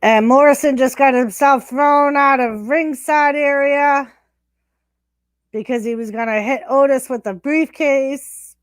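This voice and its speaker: A woman's voice: high voice, measured pace, dry recording. A woman co-hosting a live stream, chatting casually and reacting to wrestling. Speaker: stream co-host.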